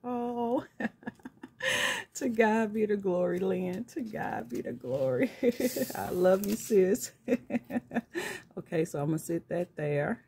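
A woman's voice: medium pitch, slow pace, gravelly, long pauses, warm tone, a little hiss or hum. A woman hosting a craft vlog from home, gushing with thanks and laughing often as she unboxes gifts. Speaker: craft channel host opening gifts. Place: at home, filming on a tripod. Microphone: camera on a tripod.

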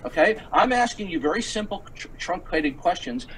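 A man's voice: sits high, big pitch swings, normal speed, a bit bright, slight background noise, poor audio. A man in his sixties in a heated online debate who keeps pressing his questions and talks over the other speaker. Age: 60s.

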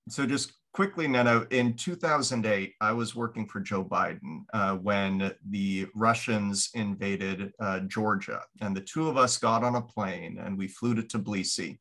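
Bright-toned low-voiced man on a panel. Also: a little slow, hardly any pauses. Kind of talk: panel discussion.

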